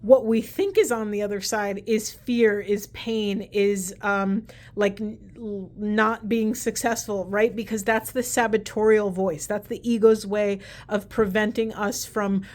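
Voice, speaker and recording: A woman's voice: medium pitch, steady tone, measured pace, hardly any pauses, darkish tone. Chatty woman doing a spiritual card reading. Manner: chatty, meandering, talks to spirit aloud. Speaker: tarot reader. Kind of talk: casual spoken card reading.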